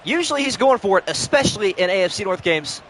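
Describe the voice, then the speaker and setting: A man's voice: high voice, sing-song, quick pace, a bit bright, slight background noise. A young man calling play-by-play on a live stream, switching between announcer-style calls and casual chat with viewers, short on sleep.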